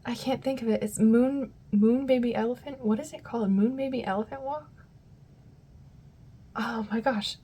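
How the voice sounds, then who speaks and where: A woman with a fairly high, mellow voice talks her viewers through a tarot reading in a loose, chatty way. She wanders off mid-thought, circles back, and fills the gaps with soft asides. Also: moderate pace, slightly rough. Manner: rambling, loses her train of thought, addresses viewers as "guys". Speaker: tarot reader.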